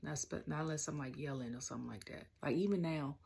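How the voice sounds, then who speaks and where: A woman's voice: low voice, fast talker, gravelly, darkish tone, husky. A young woman with a Southern US accent, rambling casually through a wrestling review, full of slang and filler. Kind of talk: casual rant-style review.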